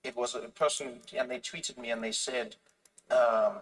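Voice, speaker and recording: A man, a comedian being interviewed, telling stories in a lively way and acting out the voices of other people, often restarting his phrases. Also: medium pitch, a little slow, far from the mic, poor audio. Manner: animated storytelling, acts out other people's voices, frequent restarts. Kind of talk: casual conversation.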